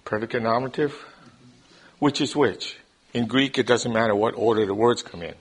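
A man leads a Bible class in a lecture style, walking through each point step by step and pausing to check that his listeners follow. His voice sits at an ordinary middle pitch, and he often restarts phrases, repeating a word before going on. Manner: repeats words when starting a thought. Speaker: Bible study teacher.

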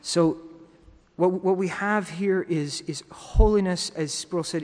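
A man's voice: sits high, animated, unhurried, a little mellow, in a large hall. A man preaching a sermon in a teaching manner, often restarting and repeating words.

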